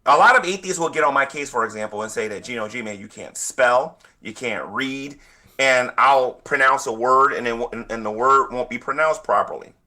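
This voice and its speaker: A man delivering a monologue to camera, halting and repeating his words. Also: medium pitch, sharp tone. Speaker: Christian video commentator.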